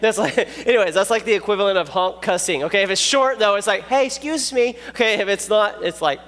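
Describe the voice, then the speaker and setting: A man preaching a youth sermon, animated and jokey, telling stories and checking in with the listeners. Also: high-pitched, quick pace. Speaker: youth pastor. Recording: long echoey hall reverb.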